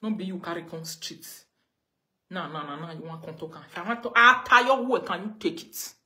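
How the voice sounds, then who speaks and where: A woman's voice: on the low side, expressive, a little fast, bright, forceful tone. A woman with a Nigerian accent, ranting on a live video and scolding someone with the same pointed questions again and again. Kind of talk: confrontational live rant.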